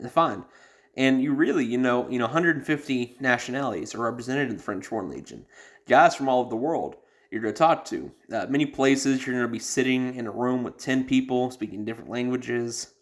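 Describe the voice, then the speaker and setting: Casual male podcast voice, blunt and profane, rambles with lots of fillers. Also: medium pitch. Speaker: podcast host. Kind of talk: casual advice talk.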